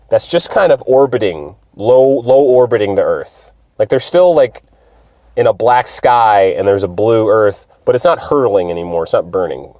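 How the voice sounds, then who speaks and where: Excitable, profane young man ranting. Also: mid-range voice, no echo. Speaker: video host. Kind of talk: comedic recap rant.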